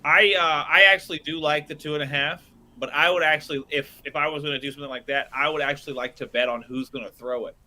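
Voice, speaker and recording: A man co-hosting a casual sports betting podcast, eagerly chiming in with quick interjections. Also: fairly high pitch, steady tone, pushed and bright, poor audio. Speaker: podcast co-host.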